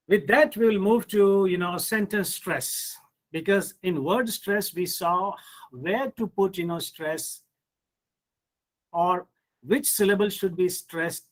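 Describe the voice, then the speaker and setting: Indian English male professor, high voice, unhurried lecture with rhetorical questions. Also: poor audio. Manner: explains step by step, asks rhetorical questions, says hmm. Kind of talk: online pronunciation lecture.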